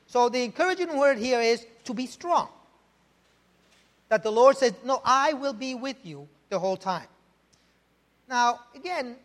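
A man's voice: very high voice, fairly bright tone. A male pastor preaching a sermon, emphatic, often checking in with "right?" and rhetorical questions. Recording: long hall reverb.

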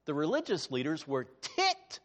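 A man preaches a sermon in a church sanctuary, his voice set high and swinging widely in pitch. He drops to a hush and then rises to loud emphasis. Long reverb trails each phrase. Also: wildly swooping pitch, a little slow. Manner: dramatic, swinging from hushed to loud. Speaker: pastor.

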